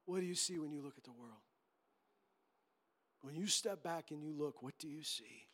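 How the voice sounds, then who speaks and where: A man's voice: a little high, moderate pace, fairly bright tone. A man preaching a sermon as pastor, emphatic and impassioned, acting out quotes as he goes.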